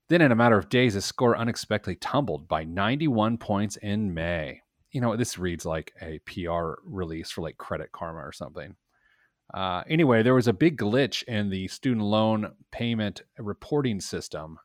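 A man's voice: fairly low pitch, normal speed, no echo, clean studio sound. A man hosting a personal finance show, reading news items with playful emphasis and joking with his co-host. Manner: animated, jokey, reads items with playful emphasis. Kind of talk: casual radio show banter.

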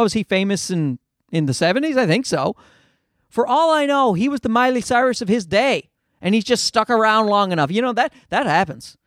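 A man's voice: sits high, fairly bright tone, no echo, studio quality. A comedian in his forties hosting a podcast, ranting with a lot of swearing and mocking the people he quotes. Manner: profane, ranting, mocking voices. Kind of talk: casual podcast monologue.

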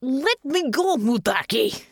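A woman's voice: mid-range voice, very animated, unhurried, dry recording, studio quality. A woman reading a story aloud, voicing a fierce young woman soldier who speaks formally, without contractions, and pleads through grief. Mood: shouting.

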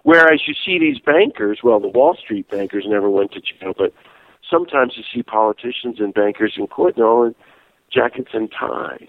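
A man telling a lively story in a casual interview, laughing as he goes. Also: lowish voice, normal speed, no room sound. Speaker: guest, peace activist and priest. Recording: tinny phone-like line.

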